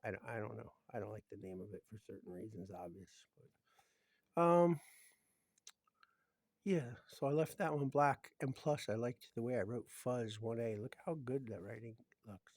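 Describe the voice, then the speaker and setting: A man talking casually through his homemade guitar pedals in a rambling, meandering way, often trailing off into low murmurs. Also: normal speed, a little mellow, dry recording. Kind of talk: casual show-and-tell vlog.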